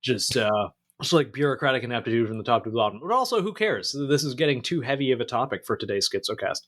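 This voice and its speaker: Male podcast host, relaxed and profane, deadpan humor, middle pitch. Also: fast. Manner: laid-back, profane, deadpan jokes. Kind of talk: casual podcast chat.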